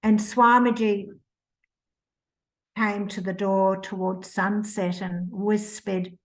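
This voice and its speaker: Slow-spoken older New woman. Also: mid-range voice, little pitch movement, poor audio. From New Zealand. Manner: slow, reflective, emotional retelling with restarts. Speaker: author, interview guest. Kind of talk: personal storytelling.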